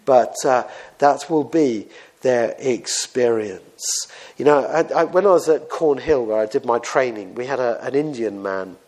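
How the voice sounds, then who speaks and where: A man preaching a sermon in a conversational, storytelling style, often pausing with fillers. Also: medium pitch, darkish tone.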